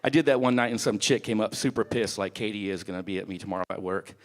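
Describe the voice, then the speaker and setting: A man's voice: lowish voice, fast talker. A man doing a stand-up comedy set on a club stage, telling crude stories with lots of swearing. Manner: profane, animated storytelling.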